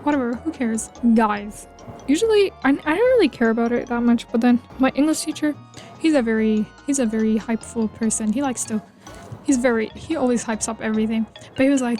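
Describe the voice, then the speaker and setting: Woman vlogger, casual, rambling, mellow tone, slightly high. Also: fairly quick. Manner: rambling, playful, lots of "like" and "you know". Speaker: video game builder vlogger. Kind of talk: casual chat over gameplay. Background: faint background music.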